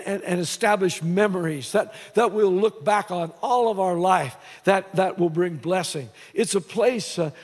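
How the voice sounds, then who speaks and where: Man, pastor, sermon, stumbling restarts, high pitch. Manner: preaching with many restarts and repeated words. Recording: long hall reverb.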